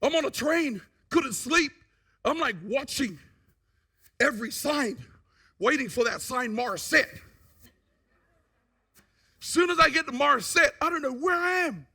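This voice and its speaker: Testimony speaker: man, very high and bright voice, lively storyteller. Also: unhurried, vocal fry, long pauses. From New Zealand. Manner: animated storyteller who acts out what people said. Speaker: guest speaker giving a testimony.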